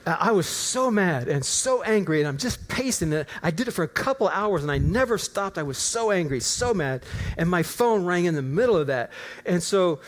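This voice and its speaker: An older man preaches with a high, bright-sitting voice. He tells a personal story from the pulpit, dropping low for asides and climbing to fervent near-shouts. His delivery is animated and conversational. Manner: animated, rising to near-shouts in acted prayers. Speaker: pastor. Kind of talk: storytelling sermon. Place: church auditorium.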